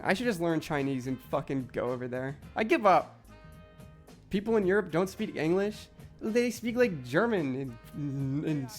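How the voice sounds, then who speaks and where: A young man streaming, ranting in frustration with heavy swearing and lots of filler words. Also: fairly high pitch. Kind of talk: casual live-stream chat while gaming.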